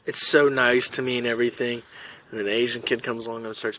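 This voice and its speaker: Bright-voiced young man telling stories. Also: mid-range voice, fast, a little hiss or hum. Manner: animated, profane storyteller. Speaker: podcast host. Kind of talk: casual storytelling.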